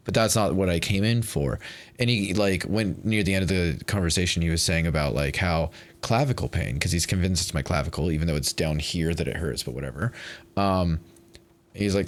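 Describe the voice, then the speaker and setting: A man's voice: low voice, fairly quick. A man, chatting and ranting to his stream while playing a game, swearing often. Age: 30s. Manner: ranting, exasperated, swears freely. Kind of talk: casual chat while gaming.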